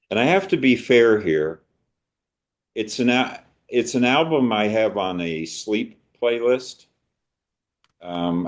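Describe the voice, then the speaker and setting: An older man co-hosting a podcast, chatting in a casual, reflective way about music he loves. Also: deep voice. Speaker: podcast co-host.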